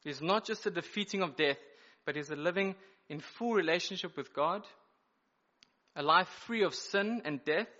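A male preacher with a bright, forceful voice pitched a little above the usual, delivering a sermon in an emphatic, explanatory way. He unpacks each point with measured pauses. The recording is somewhat dull and lo-fi. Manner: explanatory, emphatic teaching with pauses and self-corrections.

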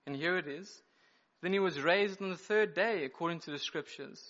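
A male preacher with a bright, forceful voice pitched a little above the usual, delivering a sermon in an emphatic, explanatory way. He unpacks each point with measured pauses. The recording is somewhat dull and lo-fi. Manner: explanatory, emphatic teaching with pauses and self-corrections.

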